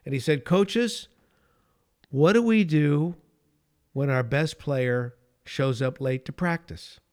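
A man hosting a podcast, telling a story in an animated way and chuckling as he goes. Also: fairly high pitch, slow pace. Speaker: podcast host.

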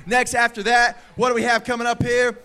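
A male youth pastor preaching a lively, crowd-engaging sermon with a high, bright, ringing voice. He is playful and energetic, joking with the room and calling out loudly to his listeners. He speaks into a handheld microphone in a youth service hall. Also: a little fast.

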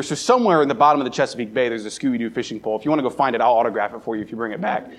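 A young adult man from the Baltimore area preaching a sermon, telling a personal story and acting out the scenes with a raised voice. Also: medium pitch. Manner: animated, acts out scenes with raised voice. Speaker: pastor. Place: church sanctuary.

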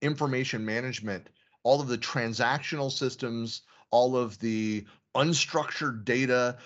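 A man's voice: mid-range voice, a little slow, a bit bright, dull audio. A man hosting an interview podcast, talking casually and animatedly while he stacks up points in long lists. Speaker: podcast host.

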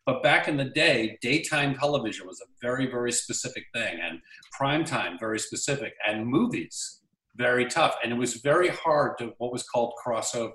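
A man spins a story from his acting career in a relaxed interview chat. He jumps into the quoted lines of the people in the story as he goes. The sound is roomy, as if he sits a little away from the mic. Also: medium pitch, normal speed, recorded from a distance. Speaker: actor guest. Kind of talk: casual anecdote storytelling.

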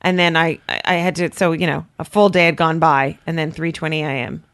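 A woman's voice: low voice, brisk, smooth. A woman from Canada, a comedian, chatting animatedly as a guest and slipping into impressions. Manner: animated storyteller who slips into impressions. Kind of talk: casual interview chat.

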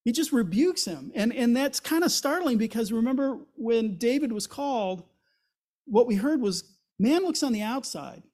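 High-voiced male pastor preaching conversationally. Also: animated, moderate pace, a little mellow. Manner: conversational, explanatory preaching with rhetorical questions and voiced quotes. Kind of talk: sermon. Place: church.

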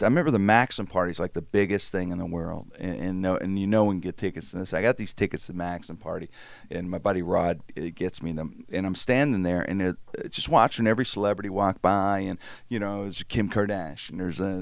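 A man from Pittsburgh chatting casually and telling stories, animated and swearing freely. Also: sits low, a little fast, vocal fry, no echo. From Pittsburgh, USA. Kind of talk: casual chat, storytelling.

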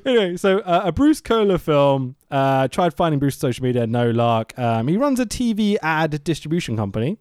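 A man's voice: a little high, sing-song, normal speed, few pauses, a little mellow, clean tone, no echo, clean studio sound. A man co-hosting a podcast, reviewing a film in casual chat, sarcastic, swearing and laughing often. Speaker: podcast host.

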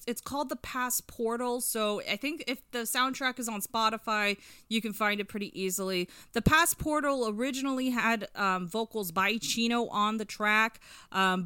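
Chatty woman with a bright, crisp voice. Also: mid-range voice, no room sound. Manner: chatty, many fillers, enthusiastic storytelling. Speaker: podcast co-host reviewing an album. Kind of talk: casual podcast chat.

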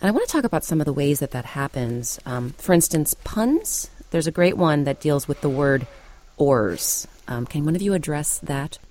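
Low, mellow woman interviewer. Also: big pitch swings, normal speed. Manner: prepared, inquisitive. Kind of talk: interview questions.

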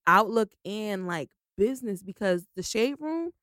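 A woman's voice: mid-range voice, expressive, unhurried, fairly bright tone, dry recording. A woman co-hosting a podcast in loose, casual chat. She talks bluntly, swears freely and hammers her points home by repeating them. Her voice sits mid-range and sounds dry and close to the mic. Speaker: podcast co-host.

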